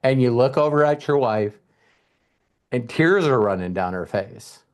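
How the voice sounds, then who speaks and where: A man giving a casual motivational talk as a mentor, acting out quotes in lively storytelling with some swearing. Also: medium pitch, unhurried. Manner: animated storyteller, acts out voices. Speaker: mentor and coach.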